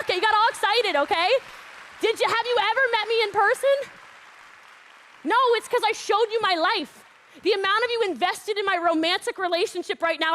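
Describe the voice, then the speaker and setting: A loud, brash woman giving a playful, high-energy motivational talk at an online event. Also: very animated, brisk. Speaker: motivational speaker.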